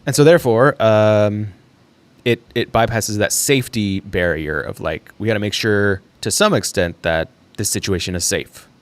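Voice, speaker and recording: A man's voice: fairly low pitch, moderate pace. A young man hosting a casual solo livestream, thinking aloud in a rambling way with fillers and the odd laugh. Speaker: livestream host.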